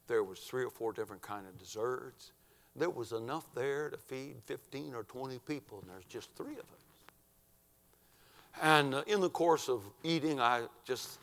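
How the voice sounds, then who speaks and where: A male preacher with a bright, forceful voice delivers a dramatic sermon in a church. He drops to hushed near-whispers and rises to loud, emphatic cries. His words carry a long reverb through the hall. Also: medium pitch, normal speed.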